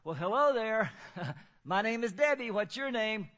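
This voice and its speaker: A man voicing his earnest, cheerful wife, speaking slowly and softly. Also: sits high, expressive, pitched above the performer's own voice.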